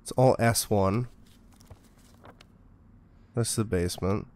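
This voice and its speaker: A man's voice: on the low side, takes it slowly, darkish tone. A man giving casual gameplay commentary as a streamer, joking, swearing and muttering to himself. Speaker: game streamer.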